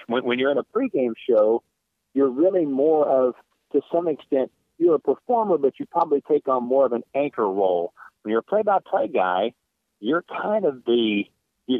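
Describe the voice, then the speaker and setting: A man's voice: mid-range voice, no echo. A man who works as a sports play-by-play announcer, answering interview questions in a reflective way, often restarting his sentences. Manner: reflective, many restarts, animated emphasis. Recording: dry, phone-like narrow sound.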